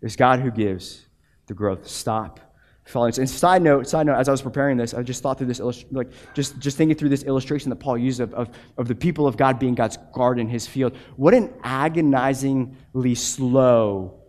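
A man in his thirties preaching a sermon as a pastor, animated, often repeating words and acting out quotes. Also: medium pitch, normal speed.

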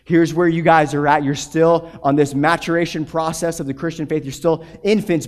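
A man in his thirties preaches a sermon, his voice sitting a little higher than most men's. He is animated and restless, doubling words as he pushes a point and slipping into short acted-out quotes. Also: moderate pace. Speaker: pastor.

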